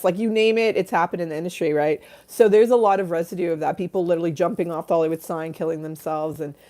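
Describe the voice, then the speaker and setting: A woman's voice: on the low side, mellow. A middle-aged woman hosting a livestream, telling stories in a casual, chatty way, often laughing and acting out the voices in them. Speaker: livestream host.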